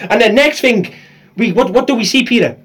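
A male podcast host telling a funny story in an animated way, laughing as he goes. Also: very high-pitched, a little fast, breathy edge. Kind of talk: comic storytelling chat.

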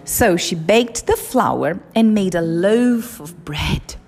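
A woman reading children's stories and fables aloud in a slow, expressive, sing-song way. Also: medium pitch. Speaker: storyteller. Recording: reverberant with soft music.

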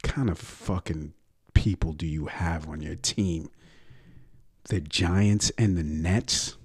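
A man's voice: low-pitched, takes it slowly, breathy edge. A young man ranting about sports on a podcast, brash, profane and mocking.

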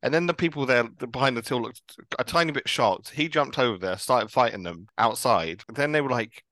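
A male podcast host with a bright, forceful tone talks in a chatty, easy way and laughs often. His voice is close and dry, with no room sound. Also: medium pitch, brisk, no echo. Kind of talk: casual podcast chat.

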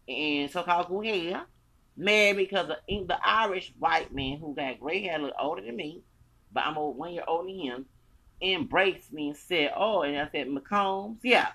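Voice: mid-range voice, creaky, bright, forceful tone, poor audio. An American podcast host in their forties, ranting in a profane, confrontational, repetitive way. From United States. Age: 40s.

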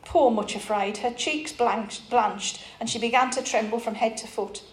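A woman's voice: on the high side, steady tone, normal speed. A woman preacher reading an allegory aloud expressively with small restarts, then preaching. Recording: roomy echo.

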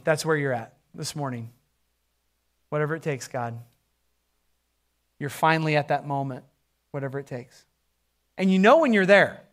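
A male pastor in his forties, whose voice sits high, preaches a sermon. He swings from loud emphasis to hushed near-whispers and stretches key words out slowly.

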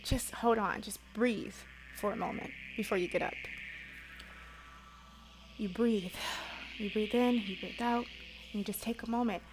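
A woman's voice: mid-range voice, steady tone, measured pace, pauses often, background noise. A woman giving a motivational self-help talk to her viewers, earnest and coaching, repeating key phrases for emphasis. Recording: clear music bed behind voice.

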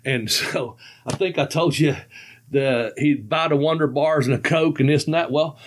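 A man's voice: a little high, normal speed. Rambling, chuckling older man telling stories. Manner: rambling, laughs often, southern-style colloquial grammar. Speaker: podcast host telling stories. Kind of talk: casual storytelling chat.

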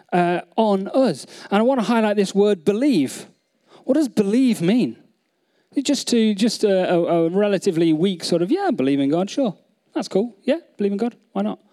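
Man, high voice, pastor giving a sermon, earnest, repeats himself, questions to the room. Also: a little mellow. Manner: earnest, many restarts, repeats phrases, asks the audience questions.

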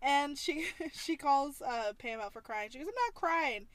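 A woman's voice: sits high, measured pace. A young woman co-hosting a casual TV recap podcast, playful, with jokey asides and casual swearing. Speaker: podcast co-host.

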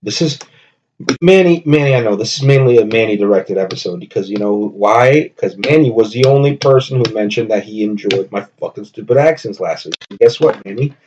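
A man's voice: fairly low pitch, fairly quick, few pauses, a little mellow, highs cut off, slight background noise. A man hosting a solo comedy podcast, rambling and joking with lots of profanity. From New Jersey. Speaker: podcast host. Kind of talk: casual comedy monologue.

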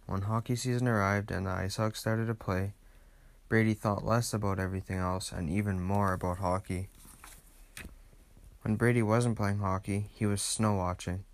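Low-voiced man reading a storybook. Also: fairly even intonation, normal speed. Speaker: narrator. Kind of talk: children's storybook read-aloud.

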